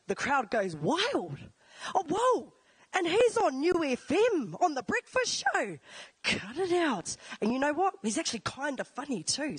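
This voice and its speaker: A New woman works a live crowd as MC, teasing and playful. Her voice sits high and swoops all over the place. The sound is dry and close on the mic. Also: breathy edge, dry recording. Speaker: event MC. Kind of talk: live stage introduction. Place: large indoor venue.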